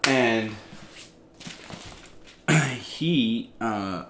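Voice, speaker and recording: A man giving an informal, conversational sermon, full of restarts and fillers, growing animated as he tells the story. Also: mid-range voice, extremely slow, a little hiss or hum. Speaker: preacher.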